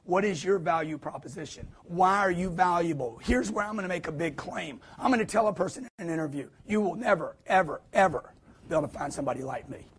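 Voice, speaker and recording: A man giving a live motivational sales talk to an audience, emphatic and preachy, with punchy repetition and quick acted-out quotes. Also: sits high, husky. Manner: acts out quotes in put-on voices.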